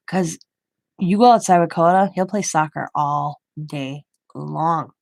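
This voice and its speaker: A woman's voice: lowish voice, steady tone, measured pace, gravelly, a little mellow, no room sound. An older woman, a grandmother, telling a rambling story in casual chat, with many restarts. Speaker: craft vlogger.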